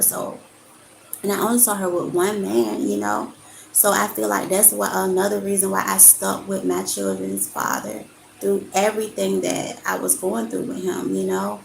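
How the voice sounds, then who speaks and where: A woman with a gravelly, creaky voice reads spiritual cards for her viewers in an earnest way and calls them y'all. Her voice rings in an echoey room, with faint ambient sound behind it. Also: mid-range voice, a little hiss or hum. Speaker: spiritual card reader. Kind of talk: live-stream card reading and talk.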